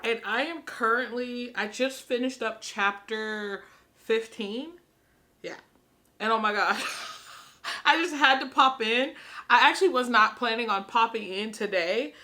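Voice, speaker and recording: A woman filming a casual book reaction vlog, gushing and excitable, often laughing and repeating herself as she rambles. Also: on the high side, unhurried. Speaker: book vlogger. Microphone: camera she films herself with.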